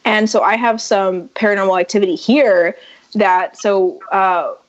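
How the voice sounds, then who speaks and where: A woman guest on a podcast telling a personal story in casual chat, animated and acting out the voices of people she quotes. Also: medium pitch, unhurried. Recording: muffled lo-fi sound.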